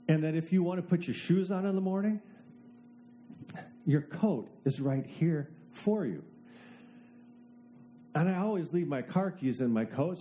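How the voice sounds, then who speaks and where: A man preaching a sermon, telling a story with dry, self-mocking humor and dropping low and soft to make a point. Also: a little hiss or hum.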